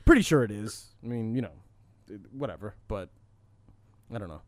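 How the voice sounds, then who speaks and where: A man's voice: fairly low pitch, expressive, normal speed, a little mellow, a little hiss or hum. A man co-hosting a podcast in casual chat, speaking in a blunt, sardonic way. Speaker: podcast co-host.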